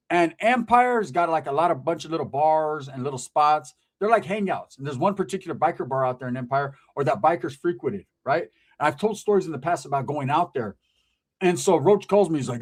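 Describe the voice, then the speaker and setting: A man telling a rambling, profane story in a casual talk-show chat, laughing at his own tale. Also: on the high side.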